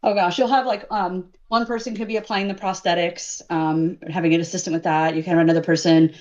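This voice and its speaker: A woman's voice: on the low side, fairly even intonation, a little fast, darkish tone, highs cut off. A woman, a makeup and effects artist, talking in a casual interview, hesitant and full of "um"s. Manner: hesitant, many "um"s and restarts.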